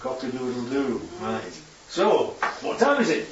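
A man's voice: on the high side, animated, normal speed. A man preaching a chatty sermon with slides to his congregation, constantly checking in with tag questions. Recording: echoey hall, distant dull mic.

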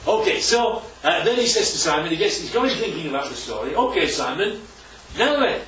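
A man's voice: a little high, big pitch swings, fairly quick, a bit bright, slight background noise. A man preaching a sermon in a chatty way, often asking the room questions. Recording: echoey hall from far off, dull.

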